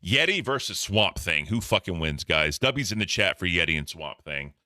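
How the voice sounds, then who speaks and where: Low-voiced, excitable streamer man. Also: normal speed, no echo, clean studio sound. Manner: profane, laughing, talks to chat. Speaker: streamer reacting to clips. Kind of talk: casual reaction commentary.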